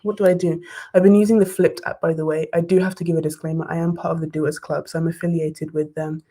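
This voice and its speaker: Excitable young woman thinking aloud. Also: low voice, fast. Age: young adult. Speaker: study vlogger. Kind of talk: live study stream. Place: bedroom desk, wrapped in blankets.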